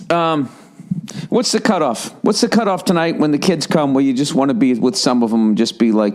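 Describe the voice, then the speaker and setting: A man in his forties ranting through a casual comedic monologue as a podcast host, swearing heavily and jumping up in pitch. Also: moderate pace. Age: 40s. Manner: ranting, heavy swearing, animated rises in pitch.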